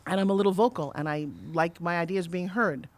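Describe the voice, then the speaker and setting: A middle-aged woman telling her story as a guest on an interview podcast, animated and acting out the quotes. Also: fairly low pitch. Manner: fast, animated storyteller who acts out quotes. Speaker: guest, TV pitch saleswoman.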